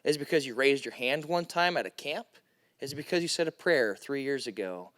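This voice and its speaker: A man giving a youth sermon, telling stories and acting out voices with big pitch jumps. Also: lively intonation, brisk, fairly bright tone. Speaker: youth pastor.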